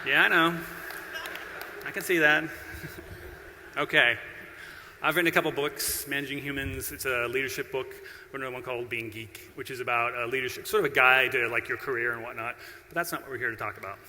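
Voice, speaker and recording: Speaking briskly with long pauses, a middle-aged keynote speaker uses a mid-range, fairly even voice that sounds pushed and bright. He's playful and self-deprecating, bantering with the audience in a large conference hall with long reverb and slight background noise.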